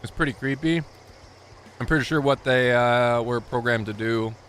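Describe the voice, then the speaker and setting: A man's voice: mid-range voice, normal speed, a bit bright, slight background noise. A young man streaming a video game live, joking crudely and rambling as he plays. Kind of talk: live gameplay commentary.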